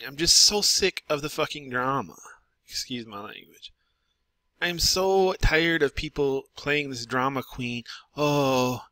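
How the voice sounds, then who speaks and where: A man's voice: on the high side, sharp tone, dry recording. A man giving an exasperated, repetitive ranting monologue as a gaming commentator.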